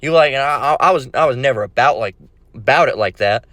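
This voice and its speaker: A man's voice: medium pitch, fast talker, bright, forceful tone, no room sound. Blunt, profane man ranting as a preacher. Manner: blunt and profane, many fillers and restarts. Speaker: bible preacher. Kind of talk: casual preaching rant.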